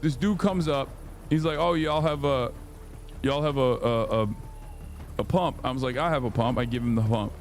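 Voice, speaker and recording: Animated, profane male streamer telling a story. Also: moderate pace, soft background music. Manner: animated, profane, jumps into high quoted voices. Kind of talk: casual storytelling on a livestream.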